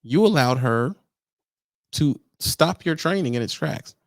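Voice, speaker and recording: Trucker lecturing a trainee: gravelly man, swooping animated delivery, exasperated, preachy. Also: fairly high pitch, a little slow, dry recording, clean studio sound. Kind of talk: casual vlog rant.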